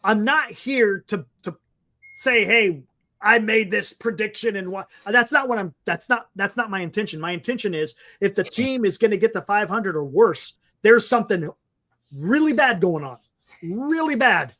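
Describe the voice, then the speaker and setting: Brief: high-pitched male sports talk co-host, chatty, repeats himself, reads viewer comments. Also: lively intonation, normal speed, sharp tone. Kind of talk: casual sports talk with live chat.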